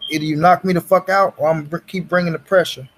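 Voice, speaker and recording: A man's voice: fairly high pitch, fairly even intonation, fast talker. Slangy, profane man hosting a livestream. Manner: slangy, profane, talks to chat. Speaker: livestream host. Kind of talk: casual livestream chat.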